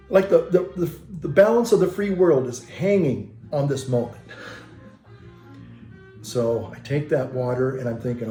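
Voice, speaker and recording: A man's voice: medium pitch, lively intonation, normal speed, warm tone, reverberant, faint music behind. A man who is a Catholic priest, telling a story casually in a rambling way, with restarts and self-corrections.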